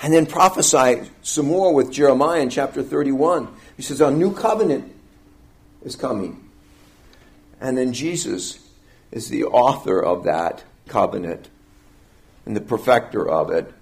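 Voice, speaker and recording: A male preacher walks through scripture in an expository teaching style. His delivery is emphatic, climbing on key phrases and then dropping back. He slows down deliberately to press each point home. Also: mid-range voice, vocal fry. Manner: emphatic, rising and falling delivery with deliberate slowing on key words.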